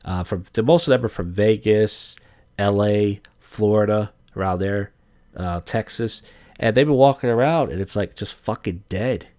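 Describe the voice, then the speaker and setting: A man's voice: on the low side, normal speed, mellow. A man in his thirties hosting a podcast alone, rambling crudely and profanely with lots of fillers. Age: 30s. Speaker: podcast host. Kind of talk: casual rambling monologue.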